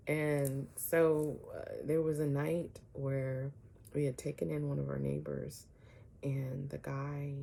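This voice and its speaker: A woman vlogger telling a personal story to her viewers, animated, often asking "right?" and dropping some words to a whisper. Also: deep voice, slow, creaky.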